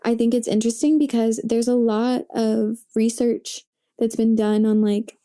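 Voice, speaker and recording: A woman's voice: on the high side, flat delivery, moderate pace, warm tone. A woman talking as a podcast guest, chatty and casual, with lots of fillers and easy laughs. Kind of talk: casual conversation.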